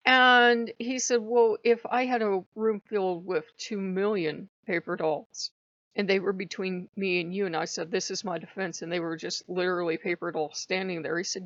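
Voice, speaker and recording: A woman's voice: mid-range voice, no echo. A woman vlogger casually telling a rambling story, acting out remembered conversations in quotes. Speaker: spiritual vlogger. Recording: dull lo-fi dry sound.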